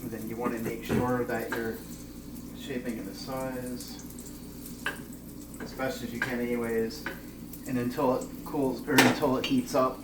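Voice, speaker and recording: A man's voice: mid-range voice, a little slow, pauses often. A man casually explaining a recipe as he cooks at home, chatting with a friend beside him. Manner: relaxed, chatty explaining while cooking. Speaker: home cooking channel host. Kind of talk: casual cooking demonstration. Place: home kitchen. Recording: echoey kitchen, distant mic, noisy. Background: pots, pans and dishes clattering.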